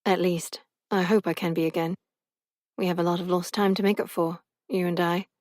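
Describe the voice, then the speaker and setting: Woman putting on a smooth british guy, calm and mysterious, soft-spoken, audiobook, dry sound. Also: lowish voice, normal speed, no room sound, close to an everyday voice. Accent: British (put on).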